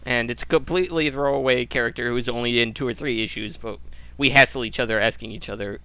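A man's voice: mid-range voice, fast talker, pushed and bright, clean tone, no room sound, rough recording. A man hosting a podcast, rambling in an irreverent, casual way. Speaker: podcast host.

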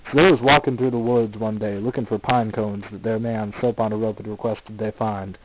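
A man's voice: lowish voice, steady tone, a little fast, a little hiss or hum, rough recording. A man hosting a casual online chat, rambling and improvising a goofy story. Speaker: podcast host.

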